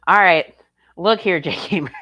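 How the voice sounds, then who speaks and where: Blunt low-voiced woman streamer. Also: moderate pace, pushed and bright, husky. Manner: blunt and profane, laughs often. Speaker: streamer reacting to a video. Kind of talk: casual commentary.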